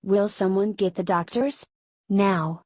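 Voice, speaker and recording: A woman's voice: medium pitch, takes it slowly, a little mellow, no room sound, studio quality. A woman voicing a frantic, grieving queen mother in an audiobook, urgent and insistent.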